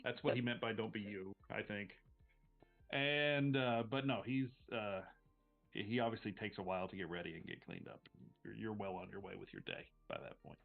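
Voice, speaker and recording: A man running a tabletop game as game master, narrating in a relaxed, halting way with fillers over a video call. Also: fairly low pitch, vocal fry, faint music behind. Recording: tinny call audio.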